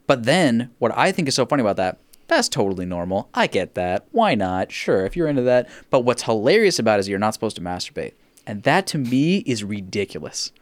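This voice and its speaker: A man's voice: medium pitch, brisk. A man hosting a podcast in casual chat, ranting with laughter and swearing. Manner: animated, profane, laughing rants. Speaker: podcast host.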